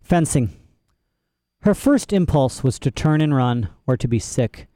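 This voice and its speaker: Man reading an audiobook, warm mellow voice, smooth, dry close mic. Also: medium pitch, expressive, measured pace, no room sound. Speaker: audiobook narrator. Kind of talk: scripted narration.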